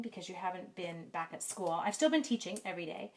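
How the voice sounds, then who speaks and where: A fast-talking middle-aged Canadian woman with a mid-range voice hosts a live card-making tutorial from her home craft room. She's a chatty stamping demonstrator who jokes at her own expense and answers viewers by name, using a camera mic.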